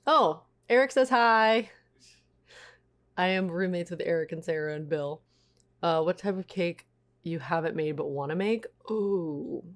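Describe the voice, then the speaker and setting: A woman's voice: fairly low pitch, unhurried. A woman streaming live, chatting casually and reading out viewers' messages. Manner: chatty, reads chat aloud.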